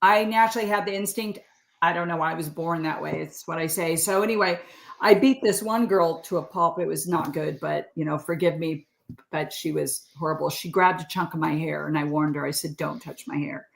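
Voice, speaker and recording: With a deep, gravelly voice and a fairly quick pace, a sixty-year-old Californian woman tells stories as a guest on a podcast. The interview chat is casual and chatty, she laughs a lot, and the sound is roomy.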